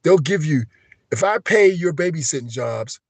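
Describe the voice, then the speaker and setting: A man ranting on a live stream, agitated and profane, swinging between shouting and low, emotional muttering. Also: expressive, normal speed, vocal fry, no room sound. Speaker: livestream host.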